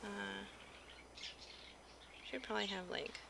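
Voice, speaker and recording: A woman's voice: medium pitch, fairly even intonation, takes it slowly. A young American woman streaming, chatting casually and giggling, often restarting her sentences. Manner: chatty, giggly, self-interrupting. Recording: clear background noise.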